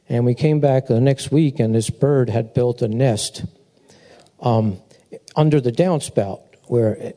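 Dark-voiced man rambling through a eulogy. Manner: rambling storyteller, animated, mimics a chirping bird in a high voice. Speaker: pastor speaking at a memorial. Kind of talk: informal eulogy sermon.

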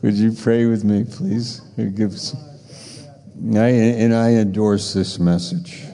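Gravelly old preacher guy in his 60s, slow and earnest, lots of hall echo. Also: on the low side, fairly even intonation, mellow. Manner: earnest, conversational, repeats phrases. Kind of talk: sermon with personal testimony. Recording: long reverb of a large hall.

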